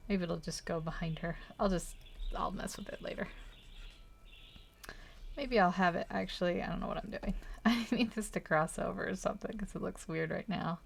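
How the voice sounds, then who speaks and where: A woman with a lowish voice and a gravelly, fry-touched edge chats as she draws. She thinks out loud, hesitates often and laughs lightly at her own choices. The talk is casual and unscripted, aimed at viewers watching her sketch. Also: normal speed, slight background noise. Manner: hesitant, thinking aloud, frequent little laughs. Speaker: artist streaming a drawing session. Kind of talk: casual chat while drawing.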